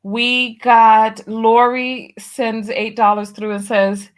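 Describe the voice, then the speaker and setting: A woman's voice: a little high, level tone, slow pace. A woman hosting a live stream in a casual chat, reading comments aloud in a drawling, exclamatory way. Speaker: host.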